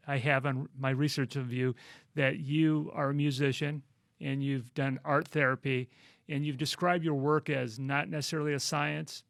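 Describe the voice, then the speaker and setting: A man with a gravelly voice at a middle pitch asks his guest long questions, pausing and restarting as he goes. His voice sounds dry and close. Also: fairly bright tone, no echo. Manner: halting questions with many fillers and restarts. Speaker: interview host. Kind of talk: interview questions.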